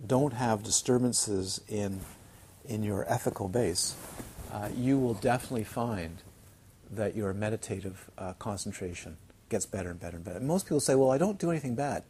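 A man's voice: lowish voice, normal speed, gravelly, mellow, a little hiss or hum. A man teaching as a Buddhist teacher during a retreat, chatty and checking in with his listeners as he tells funny stories. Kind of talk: Dharma talk on a retreat. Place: retreat centre.

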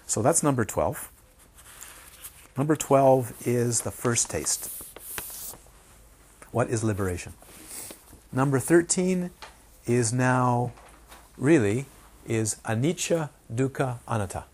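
Husky-voiced man giving a dharma talk. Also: medium pitch, lively intonation, takes it slowly, long pauses, a little mellow. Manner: repetitive, emphatic, drops to a whisper in quotes. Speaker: Buddhist meditation teacher.

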